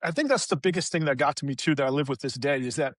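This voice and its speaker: A man sharing personal stories as a podcast guest in a casual, animated way, acting out the people he quotes. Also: a little high, fast, no echo. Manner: animated, acts out quoted voices in retelling. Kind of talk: casual conversational storytelling.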